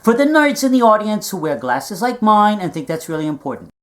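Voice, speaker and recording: A woman plays a scheming plotter who lectures at length and tacks "all right?" onto her points. Her voice sits at a middling pitch. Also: sing-song, a little fast, lightly acted. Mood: lecturing. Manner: rambling, lecturing, with many "all right?" asides. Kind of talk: low-budget comedy film acting.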